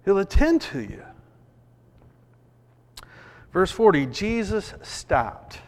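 A man preaching a sermon, telling a story in an animated way and acting out the voices of people in it. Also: on the high side. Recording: long reverb of a large hall.

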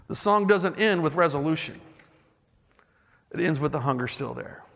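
Pastor, man, high gravelly voice, reads lyrics with rising emphasis, reverberant church sound. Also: animated, normal speed, long pauses, a bit bright. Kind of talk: sermon.

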